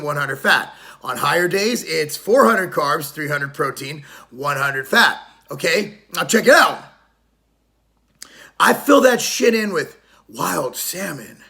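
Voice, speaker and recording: Brash middle-aged fitness vlogger mid-rant: high, sharp, lively, profane and mocking. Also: male voice, vocal fry.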